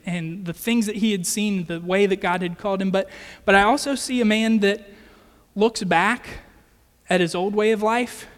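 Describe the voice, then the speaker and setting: A man's voice: high-pitched, in a large hall. A man preaching a sermon in an earnest, conversational way, often checking in with his listeners. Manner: earnest, conversational with rhetorical "right?".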